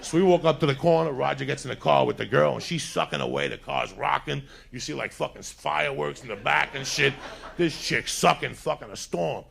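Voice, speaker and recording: Gravelly New Jersey man telling stories. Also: mid-range voice, a little fast, a crowd in the background. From North Bergen, New Jersey. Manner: profane, animated, loud acted quotes. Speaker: storyteller. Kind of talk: profane crime anecdote.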